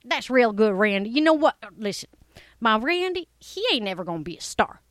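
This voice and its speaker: A brash woman rambles in folksy, ungrammatical slang, playing a pushy coach mom. Her voice sits a bit high, and the recording is dry and close. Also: very animated, moderate pace, a bit bright, no room sound. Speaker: comedic character, a pushy talent coach mom. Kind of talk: character comedy monologue.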